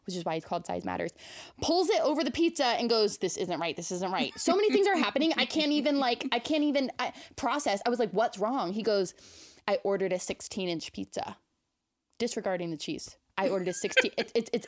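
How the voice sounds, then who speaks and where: Chatty woman podcast host telling a story. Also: on the high side. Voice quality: fast, chatty, packed with "like" fillers. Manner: animated, incredulous, laughs often. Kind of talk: casual storytelling chat.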